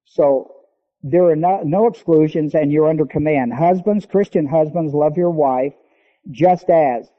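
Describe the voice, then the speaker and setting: A man preaching a sermon, teaching emphatically and slowing down to stress key words. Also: a little high. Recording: long hall reverb, dull lo-fi sound.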